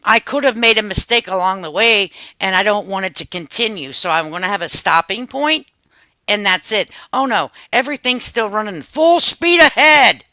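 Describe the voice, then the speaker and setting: Sassy, animated woman streamer. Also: mid-range voice, dry recording. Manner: animated, sassy, laughs often. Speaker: livestream host. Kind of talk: casual chat reacting to viewers.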